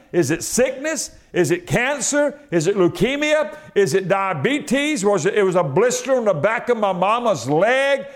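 A middle-aged man preaching a sermon, folksy, moving from quiet storytelling to shouted exhortation. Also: sits high.

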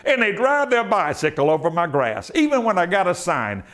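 A man preaching a sermon, swinging between loud, shouted exhortation and quiet, low asides. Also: very animated, normal speed.

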